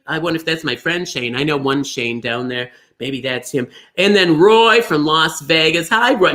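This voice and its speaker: A man's voice: on the high side, bright, forceful tone, heavily acted. A man playing a fussy, gushing middle-aged lady entertainer, rambling chattily as a livestream bingo host and greeting viewers by name. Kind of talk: chatty livestream hosting in character.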